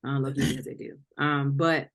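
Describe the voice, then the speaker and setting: A woman's voice: a bass voice, flat delivery, a little fast, creaky, a bit bright. A woman co-hosting a podcast, chatting casually in a blunt, profane and joking way. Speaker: podcast co-host. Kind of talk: casual chat.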